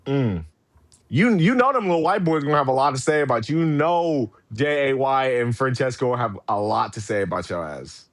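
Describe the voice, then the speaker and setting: A man's voice: mid-range voice, lively intonation, moderate pace, long pauses, no echo. Teasing man with a dry, close voice. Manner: teasing, joking banter. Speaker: podcast co-host. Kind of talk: casual wrestling podcast chat.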